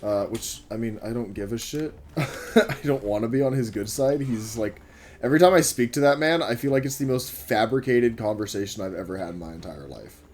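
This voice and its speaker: A man casually telling a story about his job while playing a game, rambling, swearing and making quick asides to the game, and getting over a cough. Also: mid-range voice, a little mellow. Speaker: gaming vlogger telling a work story. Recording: music playing under the voice. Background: music.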